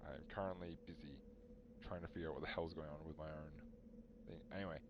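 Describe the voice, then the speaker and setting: Deep-voiced man telling a story. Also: fast talker, muffled recording, background noise. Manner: rambling, animated, talks to chat. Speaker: streamer. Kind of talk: casual storytelling on a live stream.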